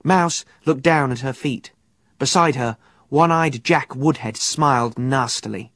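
A man narrating an adventure audiobook in an expressive, vivid storytelling manner. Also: medium pitch, a little slow, dry recording, clean studio sound.

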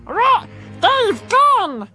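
A man's voice: very high-pitched, wildly swooping pitch, very slow, pushed and bright, faint music behind, pitched above the performer's own voice, full character voice. A man voicing a frantic female parrot who squawks and repeats one word in a storybook reading. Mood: frantic squawking.

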